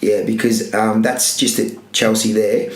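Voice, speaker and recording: On a podcast, a young male running coach chats casually, rambling loosely and correcting himself as he goes. His voice is on the low side, unhurried, with little pitch movement, and the room sounds echoey.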